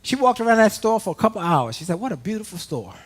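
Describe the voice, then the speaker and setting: A man's voice: high voice, quick pace, breathy edge. Middle-aged guy from washington doing a live pep talk to a work crowd, folksy, voice swinging up and down a lot. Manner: animated, folksy, talks straight to the audience. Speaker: motivational speaker. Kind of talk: live motivational speech. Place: conference room before a live audience.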